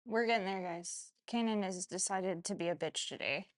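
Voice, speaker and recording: Hoarse woman chatting on a livestream. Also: medium pitch, moderate pace. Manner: chatty, swears casually, talks to chat. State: hoarse, has lost her voice. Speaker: chef and cooking show host. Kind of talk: casual livestream chat.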